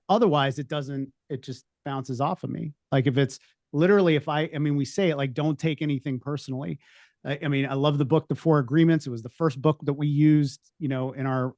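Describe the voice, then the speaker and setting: A man on a podcast panel who talks things through slowly, with many restarts and asides. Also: on the high side, a little mellow, no room sound, clean studio sound. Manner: reflective, rambling with restarts. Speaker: veterinary practice owner and podcast panelist. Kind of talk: casual panel discussion.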